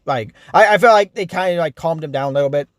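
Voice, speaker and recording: A man's voice: a little high, fast talker, dry recording, studio quality. A young man giving a casual, frustrated, rambling review of a TV show, full of restarts and fillers.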